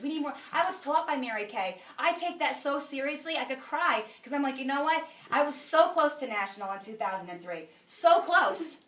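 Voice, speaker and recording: A middle-aged woman gives a chatty, preachy motivational talk to a crowd in a large room. Her voice sits a little high and sounds bright and forceful. She is heard from some distance, and the hall adds plenty of echo. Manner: emphatic, chatty, preachy, laughs between lines. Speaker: sales director speaking to a group. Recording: echoey hall, speaker far from mic.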